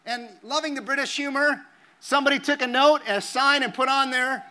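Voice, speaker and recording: A male pastor delivers a sermon in a notably high, bright voice. He talks to the congregation in an earnest, conversational way and hammers points home by repeating phrases. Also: fairly even intonation, normal speed.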